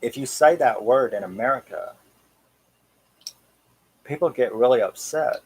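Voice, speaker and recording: A man's voice: mid-range voice, animated, measured pace, husky, rough recording. A man in his thirties from England with a Cockney accent, hosting a casual live-stream chat in a rambling, chatty way and chuckling often. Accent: Cockney English. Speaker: horror channel host.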